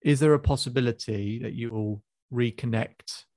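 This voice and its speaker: Male life coach, gravelly, calm probing delivery, dry close sound. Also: medium pitch, normal speed, no echo. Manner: calm, probing questions, hesitant restarts. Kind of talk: coaching session. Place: video call.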